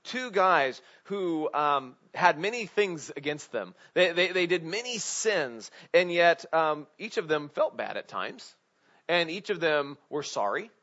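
A man's voice: on the high side, sing-song, a little slow, sharp tone. A man preaching a casual sermon, asking his congregation questions and leaning on filler words. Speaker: pastor. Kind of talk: conversational sermon. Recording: dull lo-fi recording.

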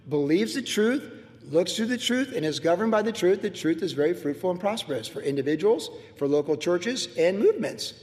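Emphatic preaching man, high lively voice. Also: big-room sound. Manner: emphatic, preacherly, swings between loud and hushed. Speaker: pastor. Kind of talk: sermon.

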